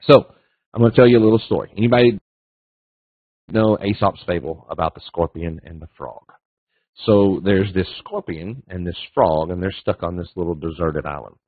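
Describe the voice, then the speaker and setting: A man's voice: sits low, normal speed, no echo. Folksy man teaching over a tinny line. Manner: folksy, repetitive, acts out little voices in stories. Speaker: guest speaker on trading. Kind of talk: casual webinar teaching. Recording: dry tinny phone-like line.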